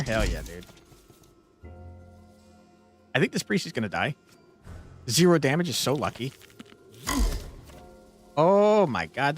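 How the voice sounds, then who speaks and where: A man streaming a tactical board game, commentating as he plays and often swearing and yelling at the game in frustration. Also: mid-range voice. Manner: exasperated, swears and yells at the game. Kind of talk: gameplay commentary.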